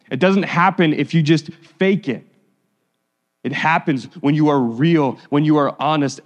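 A man preaching a sermon as pastor, earnest and pleading, reading scripture slowly. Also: on the high side. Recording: long reverb of a hall.

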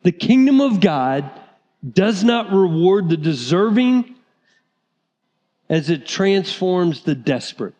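A man preaching a sermon as pastor, animated, sometimes acting out the voices of people in the story. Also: high-pitched, takes it slowly, pauses often. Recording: reverberant hall.

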